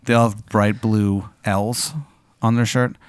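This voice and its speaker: A man's voice: fairly low pitch, level tone, measured pace, clear, resonant tone. A young man co-hosting a comedy show, spinning an improvised story with playful, dramatic narration and some hesitant fillers. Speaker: co-host.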